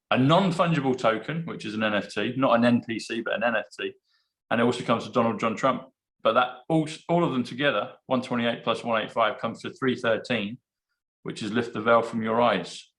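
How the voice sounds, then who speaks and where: A man's voice: medium pitch, fairly bright tone, poor audio. A man hosting a podcast, methodically listing numbers and their links in casual chat. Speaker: host.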